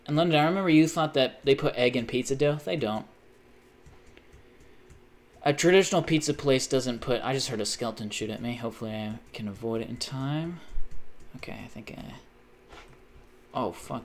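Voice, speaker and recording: Guy streaming a game, rambly and cussy, hops topic to topic, mid-pitch voice. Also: normal speed, pauses often, a little hiss or hum. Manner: rambling, profane, jumpy tangents. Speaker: gaming livestreamer. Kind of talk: casual chat while gaming.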